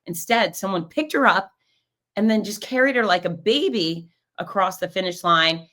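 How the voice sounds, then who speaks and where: A woman hosting a show, telling stories in a casual, animated way and acting out the voices of the people in them. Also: medium pitch, normal speed. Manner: animated, acts out quoted voices. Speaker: podcast host and race announcer. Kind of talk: casual storytelling recap.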